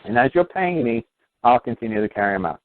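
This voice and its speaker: Man telling a story over a tinny line. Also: fast. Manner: animated, acts out quoted voices with rising pitch. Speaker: talk show host. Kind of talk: casual storytelling monologue.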